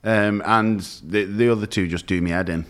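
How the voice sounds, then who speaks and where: A man's voice: fairly low pitch, fairly even intonation, moderate pace. A man co-hosting a podcast, giving blunt, opinionated takes in casual banter. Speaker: podcast co-host. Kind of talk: casual chat.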